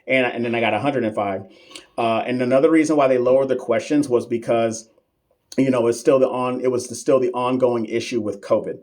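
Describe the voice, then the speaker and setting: A man's voice: medium pitch, a little mellow. Chatty man answering live-stream comments. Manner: loose and chatty, reads viewer comments aloud and answers them; teasing and familiar with regular viewers. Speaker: nursing exam coach hosting a live stream.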